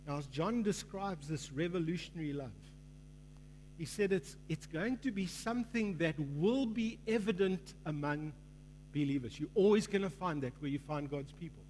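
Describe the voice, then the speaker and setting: High-voiced man preaching in a reverberant hall. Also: moderate pace, a little mellow. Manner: preaching with rising fervor, acts out quoted voices in a parable. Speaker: pastor. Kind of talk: sermon. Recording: long hall reverb, faint mains hum.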